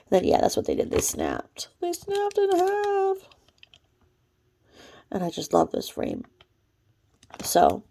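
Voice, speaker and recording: A woman's voice: on the low side, creaky, mellow. A woman hosting her own channel, talking to camera in a chatty, rambling way and now and then dropping to a whisper. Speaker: channel host. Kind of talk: casual vlog commentary.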